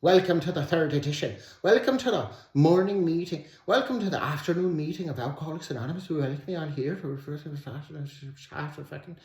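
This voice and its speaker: Cartoonish Irish meeting chair, hurried and high-pitched, stumbling over words, a man putting it on; roomy echo. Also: darkish tone, lightly acted. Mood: cheery. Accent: caricatured Irish. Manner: hurried, stammering welcome.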